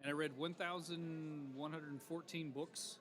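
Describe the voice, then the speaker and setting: A man telling stories in a casual interview, with a bright, forceful tone and a voice pitched a little higher than most men's. He tells his tale in a lively, animated way and acts out the people in it. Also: a little slow. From Alabama. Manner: lively, animated storyteller who acts out callers. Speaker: TV morning news personality, guest. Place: expo event.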